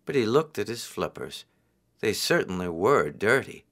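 A man reading a children's folk tale aloud in an expressive, unhurried way. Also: lowish voice. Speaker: storyteller.

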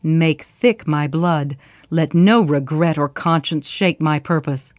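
A woman voicing a ruthless, commanding noble lady in a storybook reading, speaking in a forceful, growling manner. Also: low voice, takes it slowly, no room sound, clean studio sound. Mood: growling resolve.

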